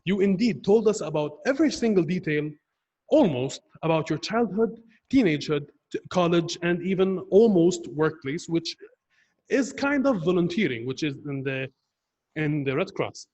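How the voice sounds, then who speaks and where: A young man evaluating a club member's speech on a video call, earnest and halting, often restarting his words. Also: fairly high pitch, lively intonation, darkish tone, long reverb tail, muffled recording.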